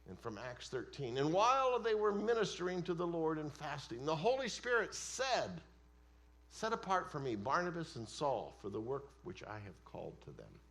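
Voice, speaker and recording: A man preaching a sermon as pastor of a church, emphatic, swinging between loud declarations and hushed asides. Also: fairly high pitch, big pitch swings, normal speed, creaky. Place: church sanctuary.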